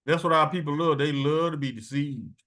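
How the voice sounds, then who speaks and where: A man reading scripture verses slowly and adding blunt, profane commentary between them. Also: on the high side, fairly bright tone. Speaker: preacher.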